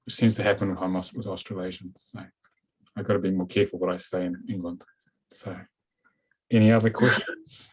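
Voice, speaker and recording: A man with a New Zealand accent hosting a webinar over a video call, chatty and relaxed. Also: low voice, fairly quick, husky. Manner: relaxed, chatty, says "okay" a lot. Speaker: webinar host. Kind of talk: casual webinar talk. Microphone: computer mic on a video call. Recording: dull lo-fi video call audio.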